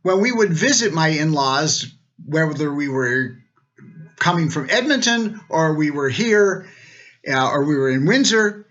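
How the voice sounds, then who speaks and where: A man's voice: a little high, lively intonation, unhurried, a bit bright, highs cut off. An older man, a retired law dean, giving a wry, joking recorded greeting.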